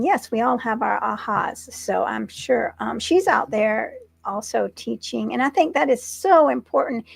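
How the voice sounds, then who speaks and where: Woman host, gravelly fry, husky, dry close sound, affirming. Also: a little high, dry recording. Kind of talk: interview hosting.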